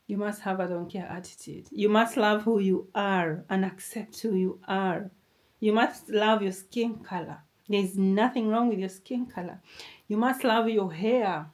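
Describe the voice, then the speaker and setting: A woman's voice: mid-range voice, moderate pace, a little mellow. A young adult woman with a non-native English accent giving a motivational talk to camera. She talks emphatically and repeats herself, now and then calling the listener darling. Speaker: motivational vlogger.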